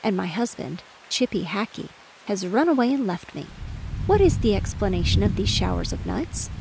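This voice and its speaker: Lady voicing a huffy little chipmunk housewife, raised pitch, gravelly edge, soft rain. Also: sing-song, moderate pace, noisy background. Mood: indignant. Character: small chatty female chipmunk housewife.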